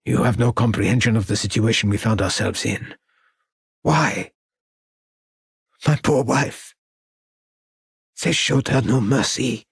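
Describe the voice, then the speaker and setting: A man's voice: mid-range voice, unhurried, gravelly, pauses often, slightly rough, no room sound, studio quality, exaggerated voice. A man reading the part of an aging, reclusive French painter who is guarded and grieving, speaking in a muttering way. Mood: anguished. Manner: muttering, guarded, then anguished.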